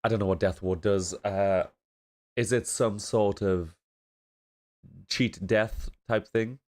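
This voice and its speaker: A man from northeast England speaks in a very low, slightly mellow voice, stuffy from a blocked nose, with fairly even intonation and a slow pace. Reacting to a show, he rambles casually, laughs often, and swears freely.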